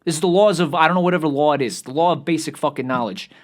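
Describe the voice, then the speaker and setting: Young male podcast host, slightly high voice, profane heated rant full of restarts. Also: rapid-fire. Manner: heated, swears constantly, repeats and restarts.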